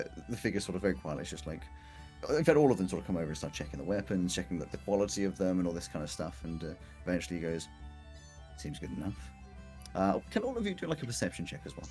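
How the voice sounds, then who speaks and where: A male game master with a lowish voice that swings widely in pitch. He narrates a tabletop game in loose, chatty talk, laughing often and stumbling through fillers. Faint music plays underneath. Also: sing-song, very fast, a little mellow.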